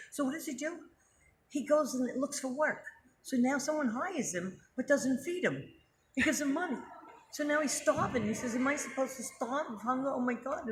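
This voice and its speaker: Middle-aged vrouw als host, nadrukkelijk, retorische vragen, galmende kamer met achtergrondruis. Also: female voice, a little high. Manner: emphatic, rhetorical questions, checking with listener. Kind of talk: casual religious commentary. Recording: echoey room with background noise.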